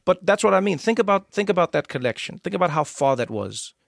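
A man with a South African accent, hosting a casual conversation and telling stories with lively acted-out quotes. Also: high voice, fast, gravelly, no room sound, studio quality. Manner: animated storyteller, acts out quoted voices. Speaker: podcast host.

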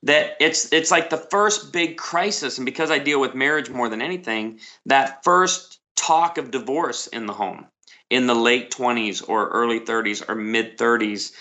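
A middle-aged man, a pastor, telling stories in a lively interview and often repeating words as he starts a sentence. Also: medium pitch, moderate pace. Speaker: pastor and author guest. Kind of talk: conversational interview storytelling.

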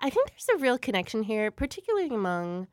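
A woman hosting a studio interview, introducing her guest and asking short, brisk questions. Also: on the high side, big pitch swings, smooth, no room sound. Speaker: podcast host. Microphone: studio microphone.

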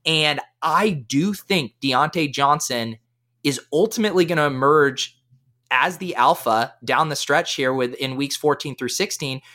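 A man giving fantasy football analysis as a guest in a casual podcast chat, talking with energy. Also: a little high. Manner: energetic, fast-flowing analysis.

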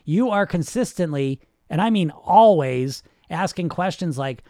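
A man delivers a fast, blunt motivational monologue, peppered with profanity. His voice sits a little high for a man. The sound is dry and close, with no room behind it. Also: animated, a little mellow, no echo. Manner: blunt, profane, rapid-fire. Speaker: podcast host and weight-loss hypnotist.

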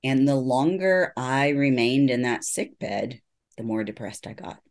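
A woman's voice: a bass voice, a little slow, a little mellow. Earnest woman telling her story. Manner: earnest storytelling, acts out quoted dialogue. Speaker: guest, neuropsychologist. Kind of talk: personal testimony in interview.

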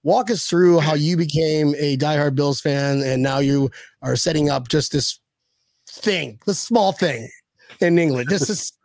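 A man hosting a casual sports podcast, excitable and rambling. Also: a little high, a little slow, vocal fry, no echo. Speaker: podcast host.

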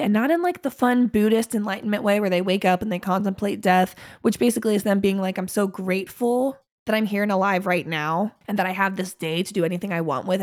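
A woman in her twenties hosting a podcast solo, talking candidly and rambling, with plenty of swearing and self-mocking jokes. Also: medium pitch. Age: 20s. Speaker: podcast host. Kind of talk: casual solo podcast monologue.

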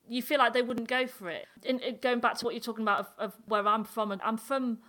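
A woman from North Yorkshire with a Yorkshire accent, talking in a casual, animated discussion. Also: on the high side, quick pace. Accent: Northern English, Yorkshire. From North Yorkshire, England.

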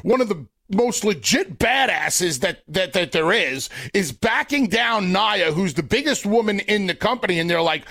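A man's voice: sits high, lively intonation, normal speed, creaky, sharp tone. A man co-hosting a wrestling podcast, giving blunt, opinionated takes with some swearing in casual chat.

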